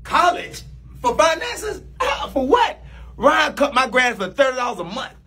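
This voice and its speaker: Man, bossy and loud, high pitch, comedy sketch, light background hiss. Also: sing-song, measured pace. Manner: bossy, loud and teasing, swings pitch a lot. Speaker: comedian playing a new boss.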